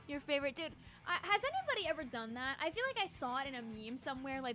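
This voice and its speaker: A woman's voice: high voice, big pitch swings, quick pace, hardly any pauses, bright, forceful tone, soft background music. A woman streaming a game, chatting playfully with her viewers and tossing in silly sound effects. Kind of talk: casual live-stream chat while gaming.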